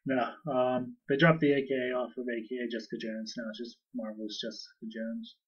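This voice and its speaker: A man co-hosts a casual podcast, talking easily with a slightly husky voice. He sits a little away from the microphone. The sound is dull and lo-fi. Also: medium pitch, brisk. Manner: chatty, animated, breaks into goofy voices. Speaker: podcast co-host. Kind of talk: casual chat. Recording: distant, dull lo-fi mic.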